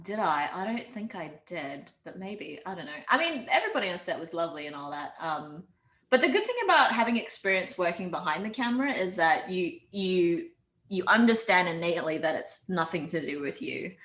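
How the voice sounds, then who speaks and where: A woman's voice: lowish voice, very animated, fairly quick, fairly bright tone, roomy sound. A woman guest on a call, chatting casually and laughing easily with a lot of likes and ums. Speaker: actress and filmmaker guest. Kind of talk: casual interview chat.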